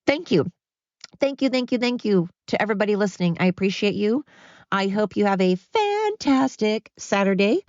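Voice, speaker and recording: A woman's voice: medium pitch, sing-song, moderate pace, darkish tone, dry recording. A woman hosting a solo podcast, rambling and ranting with lots of fillers. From United States. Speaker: podcast host. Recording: dull, dry, lo-fi.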